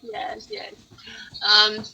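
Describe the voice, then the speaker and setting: A woman hosting a casual interview, talking in a lively storytelling way full of "like" fillers. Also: mid-range voice, drawn-out words, vocal fry, a little hiss or hum, low-quality recording. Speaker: podcast host.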